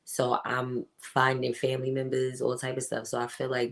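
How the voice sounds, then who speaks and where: A woman with an unusually deep voice hosts a casual livestream. She talks in a chatty, emphatic way and greets chat viewers by name as she goes. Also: completely flat delivery, moderate pace, vocal fry. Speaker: podcast host reading live chat.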